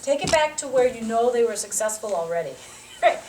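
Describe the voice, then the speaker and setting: A woman, a physical therapy instructor, teaching a live demonstration and coaching a volunteer through an exercise with quick cues and encouragement. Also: on the high side, lively intonation, noisy background. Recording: roomy sound from a distant mic.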